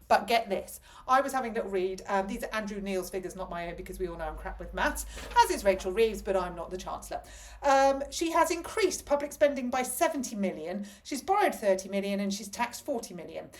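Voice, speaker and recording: A woman's voice: mid-range voice, expressive, fairly quick. A woman delivering a ranting political commentary to camera, indignant, sarcastic and emphatic.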